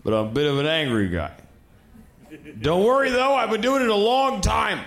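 A man doing a stand-up comedy set, animated and self-deprecating, bantering with the crowd. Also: high voice, moderate pace. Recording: roomy club recording with a crowd.

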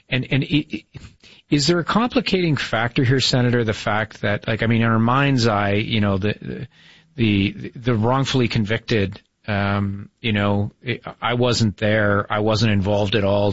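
Low-voiced male radio host. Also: a little slow, no room sound, dull audio. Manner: conversational, rambling questions. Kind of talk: interview questions.

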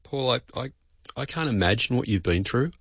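Heartfelt radio host. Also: male voice, mid-range voice, expressive, normal speed, husky, dry recording, highs cut off. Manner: heartfelt, stumbling, repeating words. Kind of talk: radio interview.

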